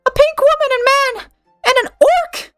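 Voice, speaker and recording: A gushing, cuteness-crazed young girl with an extremely high, squeaky voice, as a man puts her on while reading a game's lines. She squeals with eager delight, every sentence bubbling over. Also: moderate pace, sharp tone, soft background music. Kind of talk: reading game dialogue aloud.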